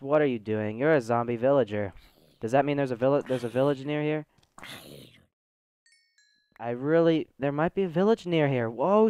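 Southern dude doing let's play commentary, rambly and goofy, clean smooth voice, dead dry sound. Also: male voice, mid-range voice, a little mellow, no echo. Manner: chatty, goofy, talks straight to viewers. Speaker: gaming channel host.

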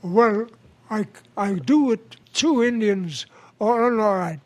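An older man, a podcast guest, telling jokes in an unhurried, chuckling way. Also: high voice, lively intonation.

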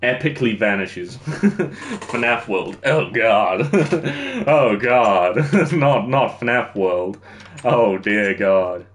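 A man's voice: mid-range voice, very animated, drawn-out words. A young man streaming a game, chatting with viewers while he builds and laughing easily. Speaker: livestreamer. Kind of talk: casual gameplay commentary.

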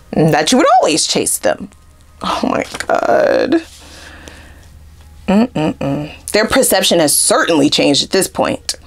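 A woman giving a casual tarot reading to camera, sassy and animated, with frequent laughter and asides. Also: lowish voice. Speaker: tarot reader.

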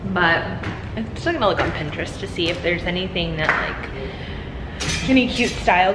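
A woman's voice: mid-range voice, background noise. Chatty young woman vlogging at home. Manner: chatty, rambling, many "like"s. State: out of breath. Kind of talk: casual vlog chat. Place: her home, indoors. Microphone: handheld camera.

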